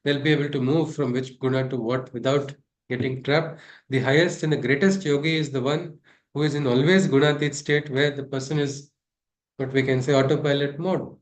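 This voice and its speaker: With a steady, mid-range voice at a moderate pace, a man teaches a scripture class as a spiritual teacher. He talks things through discursively and poses rhetorical questions to his listeners.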